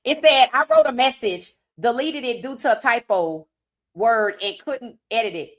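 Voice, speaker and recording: A woman hosting a live sports talk stream, reading viewer comments aloud and reacting with animated opinions, her voice worn from hours of streaming. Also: fairly high pitch, moderate pace. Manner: animated, talks straight to chat, reads comments aloud. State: losing her voice.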